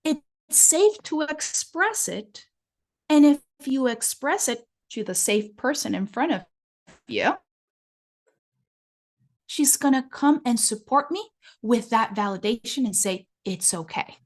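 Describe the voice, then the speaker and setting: Slow-talking Mexican-accented woman. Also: high-pitched, lively intonation. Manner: earnest, reflective, often adds "right?". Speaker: relationship coach. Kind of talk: explanatory interview talk.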